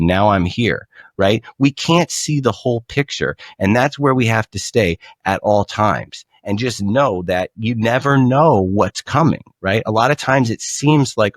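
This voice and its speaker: A man on a podcast, telling a story in a relaxed, animated way and often repeating words as he starts a thought. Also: medium pitch, normal speed, dry recording, studio quality. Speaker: podcast guest. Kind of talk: casual storytelling.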